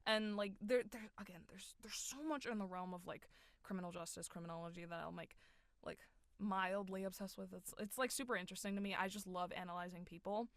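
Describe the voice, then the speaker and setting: A young woman voice actor, a guest in a casual interview, animated and quick to laugh, sometimes dropping to a whisper. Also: medium pitch, no echo, studio quality. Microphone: home recording booth mic.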